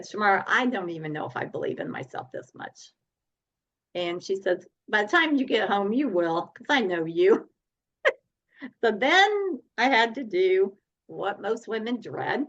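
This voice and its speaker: Animated woman telling stories, lo-fi sound. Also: medium pitch. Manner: animated, laughs often while telling stories. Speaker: guest speaker and coach. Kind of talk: storytelling in a podcast interview.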